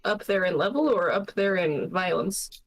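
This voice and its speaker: A woman's voice: fairly low pitch, lively intonation, moderate pace, rough recording. A young woman streamer playing a tabletop game, bantering in a teasing, casual way. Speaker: player and streamer.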